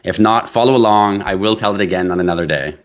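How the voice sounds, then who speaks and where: A man's voice: on the low side, fast. A man hosting a live crypto stream, chatting with viewers in a brash, joking, profane way and reading out their comments.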